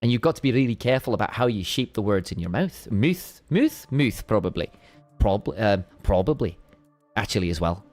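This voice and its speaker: A man's voice: on the low side, fast talker, few pauses, a little mellow, soft background music. A man, a co-caster on a live stream, chatting casually to his viewers in a rambling way and often stopping mid-sentence to repeat words. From United Kingdom. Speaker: esports co-caster.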